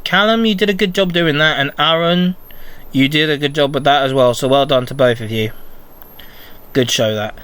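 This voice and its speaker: A man hosting a casual solo podcast, recapping in a rambling, excitable fan's manner. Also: on the high side, moderate pace, smooth. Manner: rambling, excitable fan chatter. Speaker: podcast host.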